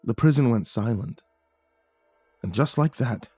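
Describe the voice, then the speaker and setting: A man narrating a horror story in a hushed, grave manner. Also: medium pitch, a little slow, breathy edge, no room sound, soft background music.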